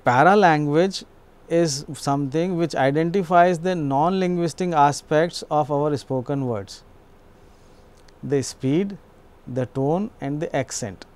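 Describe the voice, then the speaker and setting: A man's voice: on the high side, takes it slowly, darkish tone. A man giving an explanatory educational lecture, repeating himself now and then with small restarts.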